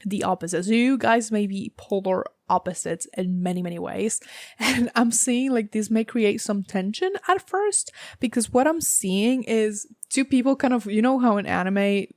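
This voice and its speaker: A woman's voice: medium pitch, moderate pace, darkish tone, no room sound. Young woman, slight southern us accent, chatty tarot reader, rambling with fillers, dry close sound. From United States. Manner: chatty, rambling, laughs often, many fillers. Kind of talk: casual tarot reading.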